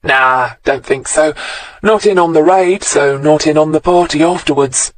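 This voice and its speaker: A man's voice: a little high, moderate pace, close to an everyday voice. A man voicing a leering, spiteful male detective constable with a smirking, sneering delivery. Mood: scornful.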